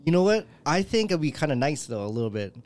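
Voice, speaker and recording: A man's voice: a little high, very animated, fast talker, darkish tone. Teasing young man, casual chat. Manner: playful, teasing, laughs often.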